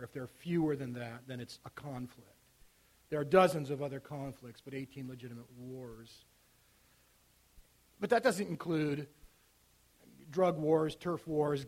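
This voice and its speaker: A man preaching a sermon as pastor, talking conversationally with restarts and sinking to a quiet hush on key phrases. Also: a little high.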